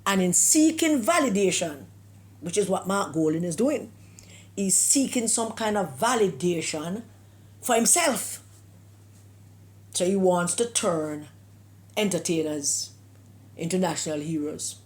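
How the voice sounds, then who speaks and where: A woman's voice: lowish voice, expressive, unhurried, pauses often. A Jamaican woman from Jamaica giving an emphatic political opinion monologue, with scornful rhetorical questions and slips into patois. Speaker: political commentator.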